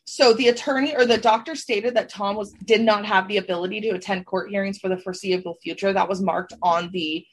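A woman's voice: medium pitch, steady tone, fairly quick, hardly any pauses, slight background noise. A woman co-hosting a podcast, chatting casually and laughing as she works through her list of notes. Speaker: podcast co-host. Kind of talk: casual gossip chat.

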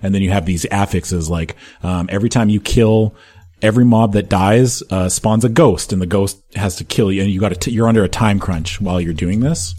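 A man's voice: on the low side, fairly quick, a little mellow, slightly rough. A man talking casually as a podcast guest, joking and laughing as he talks.

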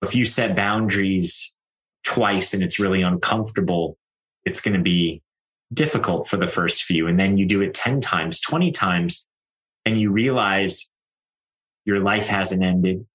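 A man who works as a life coach, talking in a calm, reassuring and reflective way. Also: deep voice, a little slow, low-quality recording. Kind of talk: conversational coaching talk.

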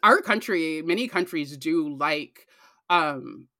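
A woman's voice: low voice, lively intonation, slow, bright, forceful tone, no echo, clean studio sound. A woman co-hosting a podcast in casual discussion, earnest and emphatic, repeating phrases for weight. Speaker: podcast co-host.

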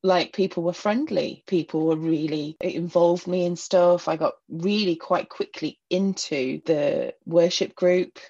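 A middle-aged woman from Northeast England, a guest in a personal interview, looks back on her past with many fillers and little laughs. Her lowish voice has a dark tone and moves at a measured pace with hardly any pauses. The high frequencies are cut off.

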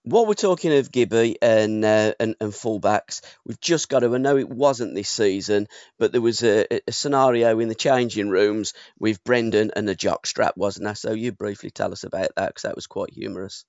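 A man's voice: fairly low pitch, moderate pace, darkish tone, no echo. A man hosting a podcast, asking conversational questions and prompting his guest. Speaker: podcast host. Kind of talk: interview questions. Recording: dull lo-fi dry podcast audio.

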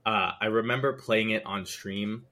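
A man chatting as a podcast guest, recounting a game in a lively way. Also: fairly low pitch, moderate pace. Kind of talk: casual chat.

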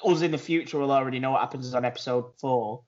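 A man's voice: mid-range voice, fairly even intonation, fast, highs cut off. A man with a Manchester accent co-hosting a podcast in casual chat, talking from outside in a garden. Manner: chatty, laughing, trailing off. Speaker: podcast co-host. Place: outdoors in a garden.

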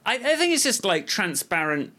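A man's voice: high voice, sing-song, normal speed, pushed and bright. A man with an English accent in casual chat, frank and self-reflective.

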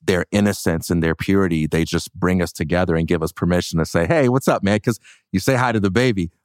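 A man's voice: low voice, fast talker, no room sound, studio quality. A man co-hosting a casual podcast, talking in an earnest, reflective way and often calling his friend "man". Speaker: podcast co-host.

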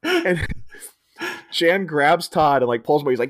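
A man co-hosting a podcast and recapping a movie in a casual, chatty way. His voice sits a little higher than average and swings widely in pitch, and he slips quoted lines into an animated retelling. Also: normal speed, dry recording, clean studio sound. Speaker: podcast co-host. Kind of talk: casual film recap chat.

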